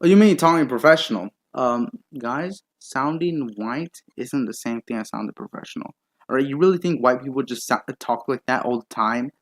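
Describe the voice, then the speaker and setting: A man's voice: mid-range voice, lively intonation, moderate pace. Man ranting, sarcastic and profane. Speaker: YouTube commentator. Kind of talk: reaction rant.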